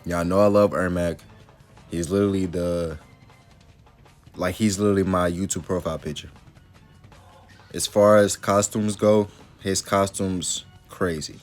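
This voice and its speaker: A man talking casually to his viewers in a relaxed, rambling way, full of fillers. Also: deep voice, unhurried, long pauses, soft background music. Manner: laid-back, rambling, lots of fillers. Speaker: YouTuber. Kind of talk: casual video commentary.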